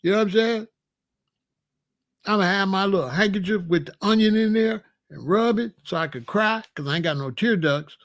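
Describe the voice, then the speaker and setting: A man's voice: high-pitched, fairly quick, hardly any pauses, a bit bright. A man hosting his own commentary channel, joking and bragging in a casual, streetwise rant.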